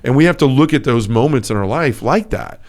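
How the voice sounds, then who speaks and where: A man's voice: medium pitch, expressive, fairly quick, a little mellow. A man co-hosting a casual faith podcast, telling stories earnestly with lots of fillers. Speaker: podcast co-host.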